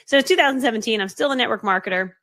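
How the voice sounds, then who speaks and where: A woman business coach telling her story live to an online audience, fast-talking and animated, acting out voices as she goes. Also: fairly high pitch, dry recording, clean studio sound. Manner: laughs often mid-story.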